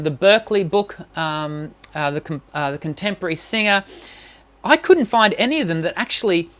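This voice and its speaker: A woman's voice: on the low side, fairly bright tone. A woman vocal coach giving an encouraging, conversational live-streamed singing lesson and answering questions, with frequent restarts.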